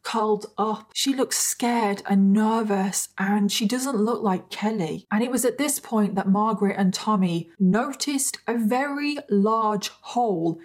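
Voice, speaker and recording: A woman's voice: medium pitch, a little mellow. A woman narrating a true crime vlog in a passionate, indignant way. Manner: passionate, indignant, fast-talking.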